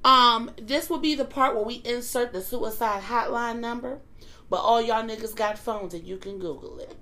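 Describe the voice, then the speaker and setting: A woman with a high, bright voice hosts a relaxed podcast chat. She talks frankly and swears freely, telling stories with plenty of energy. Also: moderate pace. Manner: candid, profane, lively storytelling. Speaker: podcast host. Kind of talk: casual chat.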